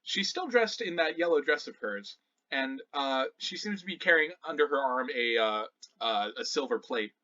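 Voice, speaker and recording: Animated young man running a tabletop game. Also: medium pitch, normal speed, muffled recording. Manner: animated, laughing storyteller. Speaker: dungeon master.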